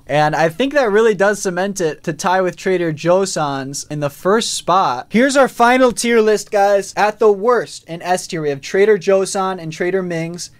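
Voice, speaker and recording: Chatty male streamer, slightly high voice. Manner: chatty, reads out chat and poll results, frequent fillers. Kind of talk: casual live-stream commentary.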